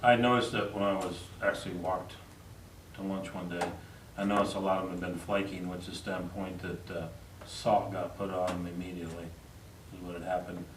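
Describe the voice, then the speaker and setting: Flat, deep-voiced city official. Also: male voice, fairly quick. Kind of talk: answering questions in a meeting. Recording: roomy far-off mic with noise.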